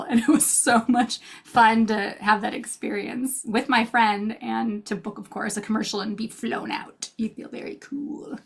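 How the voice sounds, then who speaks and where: A woman in her thirties, an actress telling stories in a casual interview, bubbly and quick to laugh while acting out quotes. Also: on the high side, a bit bright. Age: 30s. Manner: bubbly storyteller, laughs often, acts out quotes. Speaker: actress and guest. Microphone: video call.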